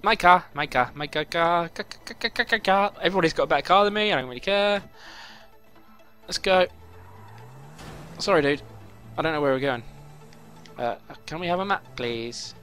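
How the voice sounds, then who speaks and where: A young man talks through his gaming session in a high, bright voice. He swears constantly and flares into frustrated outbursts. Faint music plays behind him. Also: moderate pace, pauses often, clean tone. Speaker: gaming YouTuber. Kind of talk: live gameplay commentary.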